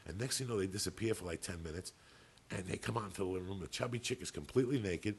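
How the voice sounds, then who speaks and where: A man's voice: sits low, racing, a little hiss or hum. A man co-hosting a podcast, telling a long story in a casual, profane, rambling way. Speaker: podcast co-host.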